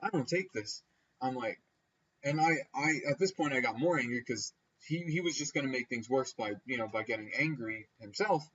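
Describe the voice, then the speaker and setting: A man's voice: normal speed, breathy edge, dull audio. A man telling a casual story over gameplay, acting out the people he quotes with sudden jumps in his voice. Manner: animated, acts out quoted people with pitch jumps. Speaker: gaming storyteller.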